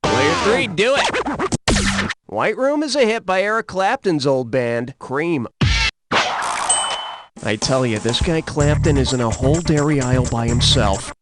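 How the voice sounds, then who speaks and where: Brash quiz host, high lively voice, loud backing music. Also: male voice, unhurried, pauses often. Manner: brash, jokey, animated. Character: brash wisecracking male quiz host Cookie. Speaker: game show host. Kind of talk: wisecracking quiz show hosting. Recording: game audio over loud music.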